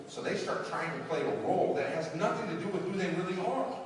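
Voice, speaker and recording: A man giving an energetic motivational training talk, acting out quoted dialogue and shouting for emphasis. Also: high-pitched, fast talker, hardly any pauses, crowd noise. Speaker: network marketing trainer. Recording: echoey hall from far off.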